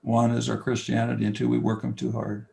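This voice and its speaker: An older man, a basketball coach and camp founder, talking as an interview guest, telling stories and acting out quoted dialogue, from loud to whispering. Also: mid-range voice, brisk, vocal fry, rough recording. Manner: animated storyteller, acts out quoted dialogue, swings from loud to whispering. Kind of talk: conversational interview, storytelling.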